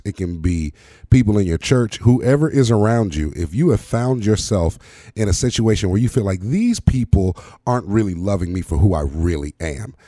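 A man's voice: on the low side, warm tone, no room sound, clean studio sound. A man hosting his own show, talking in an emphatic, preacher-like way that repeats words for effect. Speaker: podcast host. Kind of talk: motivational monologue.

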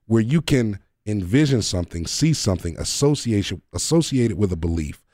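A man hosting a faith-based talk show, explaining ideas with examples and pressing his guest to slow down and repeat key points. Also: fairly low pitch, expressive, a little mellow, dry recording, studio quality. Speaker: podcast host.

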